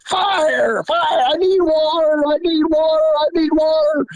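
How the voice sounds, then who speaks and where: A man's voice: very high-pitched, fairly even intonation, a little slow, no echo, pitched above the performer's own voice, rough recording. A man doing a frantic, shrieking dad. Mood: panicked. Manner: frantic shouting. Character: panicked middle-aged dad yelling.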